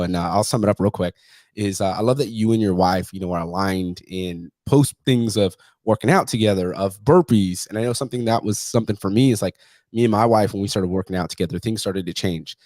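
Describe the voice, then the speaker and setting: A man's voice: on the low side, a little fast, darkish tone, no room sound, studio quality. A male podcast host in casual interview chat, telling stories in a profane, emphatic way.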